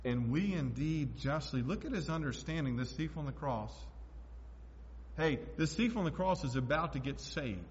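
A man preaching a sermon as pastor, emphatic, swinging between loud declarations and hushed asides. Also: on the high side, lively intonation, moderate pace, slight background noise. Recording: echoey hall, dull lo-fi sound.

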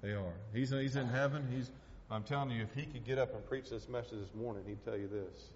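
A preacher delivers his sermon in a folksy, heartfelt way, leaning on "man" and "hey" as he builds to urgent pleas. His voice sits at an ordinary pitch and rings with the long reverb of a church hall. The sound is dull and lo-fi, with a faint rumble underneath. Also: fairly quick, darkish tone. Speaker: pastor. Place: church sanctuary.

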